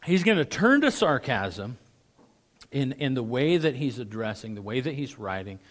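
A middle-aged male pastor preaching a sermon, animated, his voice rising sharply when he mocks with sarcasm, often clearing his throat. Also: mid-range voice, normal speed.

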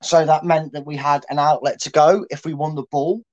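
A man with a slightly high voice, co-hosting a casual football chat. He talks through team tactics in a chatty way, often using fillers and restarting sentences as he explains. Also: steady tone, brisk, muffled recording. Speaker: co-host, tactics analyst.

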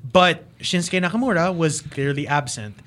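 Casting: man, podcast co-host, lively loose wrestling talk, slightly high voice. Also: normal speed. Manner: animated, swears freely, mixes in Tagalog. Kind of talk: casual wrestling chat.

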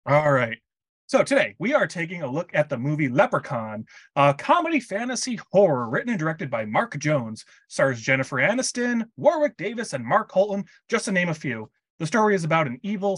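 A man's voice: on the high side, very animated, normal speed, a bit bright, dry recording. A man hosting a casual movie review podcast, joking and upbeat, pushing his co-host for more energy.

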